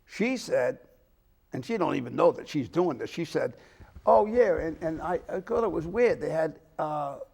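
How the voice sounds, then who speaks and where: A man's voice: a little high, lively intonation, normal speed, creaky, darkish tone, husky. An older man, a talk show host rambling through a long story and acting out the people in it. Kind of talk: casual storytelling chat.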